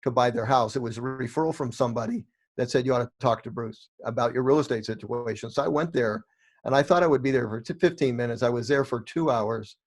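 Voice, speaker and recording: A middle-aged man speaks at an ordinary, mid-range pitch as an interview guest. He tells his stories with energy and slips into the voices of the people in them, with quick restarts along the way. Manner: animated storyteller acting out quoted dialogue. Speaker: guest, real estate investor. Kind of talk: storytelling interview answers.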